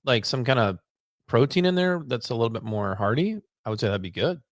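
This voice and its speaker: A man's voice: medium pitch, very animated, fairly quick, no room sound, clean studio sound. A man co-hosting a casual podcast, chatty and a bit hesitant as he taste-tests food. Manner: hesitant, chatty, talks with mouth full while tasting. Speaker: podcast co-host. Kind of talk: casual chat.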